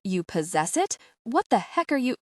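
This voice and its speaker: Woman reading a gruff bossy businessman, curt orders, bad-tempered, audiobook, dry close sound. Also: fairly high pitch, big pitch swings, moderate pace, a little mellow, no echo, pitched above the performer's own voice. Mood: demanding. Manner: curt, demanding, barks orders.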